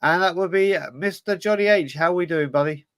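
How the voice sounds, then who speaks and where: A man's voice: high voice, brisk, clean tone, no room sound. Chatty male fan podcast host, dry sound. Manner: chatty, greets viewers one by one. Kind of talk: casual fan podcast chat.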